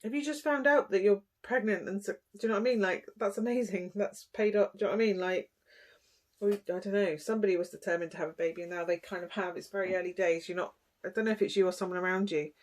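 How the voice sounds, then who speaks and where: A woman's voice: mid-range voice, quick pace. A young woman hosting a casual tarot reading, chatty and giggly, rambling with lots of fillers. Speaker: tarot reader.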